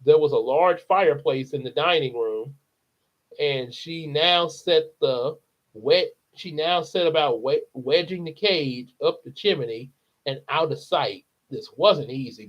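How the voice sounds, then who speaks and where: A man's voice: mid-range voice, highs cut off. A man reading a children's novel aloud in a casual way, with chatty asides to his listeners. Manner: chatty asides, laughing, unhurried. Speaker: storyteller. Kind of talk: casual storybook read-aloud.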